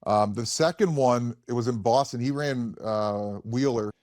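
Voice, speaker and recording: A man's voice: mid-range voice, unhurried, darkish tone. A man in his thirties spins loose, rambling stories as a guest, breaking into laughter often. His voice sits in a plain middle register. The sound is close and dry, with no room echo. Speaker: guest, former pro hockey player. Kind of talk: casual storytelling chat.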